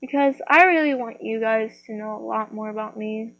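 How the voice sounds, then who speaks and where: A woman's voice: fairly high pitch, moderate pace, gravelly, a bit bright, dry recording, low-quality recording. A woman chatting casually to her viewers, rambling with lots of fillers and restarts. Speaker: vlogger.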